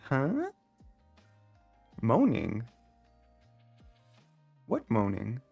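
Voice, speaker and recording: A man's voice: animated, measured pace, long pauses, soft background music. Sassy theatrical male streamer. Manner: sassy, theatrical, calls chat divas; voice leaps high when exclaiming. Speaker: game streamer. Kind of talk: live stream chatting with chat.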